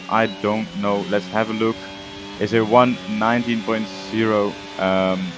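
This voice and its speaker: Male gaming host, low voice, laid-back play-by-play with many "uh"s, soft music under him. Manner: hesitant, full of "uh" and "um" fillers. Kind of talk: casual gameplay commentary.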